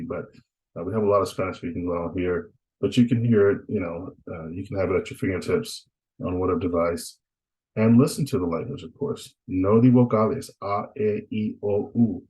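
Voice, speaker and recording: A man's voice: fairly low pitch, darkish tone, low-quality recording. A man teaching Spanish in a recorded online lecture, talking in a casual, reassuring way, with many "uh"s and frequent "right?" checks. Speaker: Spanish instructor.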